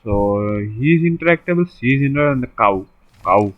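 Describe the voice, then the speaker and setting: A man's voice: medium pitch, expressive, moderate pace, no echo. A man narrating a gameplay video, reading the game's dialogue aloud and muttering dry asides between lines. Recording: dull lo-fi recording.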